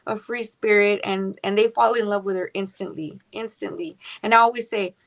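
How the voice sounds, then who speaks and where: A woman's voice: medium pitch, fairly even intonation, moderate pace. A young adult woman, chatting as a singer-songwriter guest in a radio interview, dropping in Spanish words. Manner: chatty, warm laughter, mixes in Spanish words.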